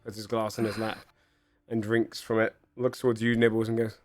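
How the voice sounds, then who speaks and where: A man's voice: on the low side, flat delivery, a little fast, no echo, soft background music. Man narrating as game master.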